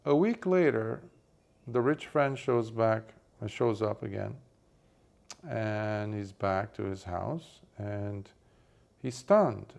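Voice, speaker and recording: A man who is a Buddhist monk, giving a dharma talk and telling a parable, in an unhurried way with many fillers. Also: on the low side, animated, creaky, darkish tone.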